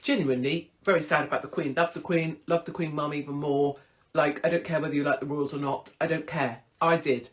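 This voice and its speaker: A woman's voice: steady tone, a little fast. Irreverent chatty woman host. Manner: swings into big high exclamations. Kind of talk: casual live-stream chat.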